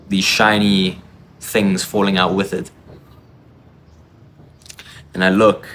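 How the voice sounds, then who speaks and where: A man with a fairly low voice tells a confessional story from his own life. He speaks with raw, intense emotion, stumbling and restarting as he goes. Faint ambient noise sits behind him. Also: a bit bright.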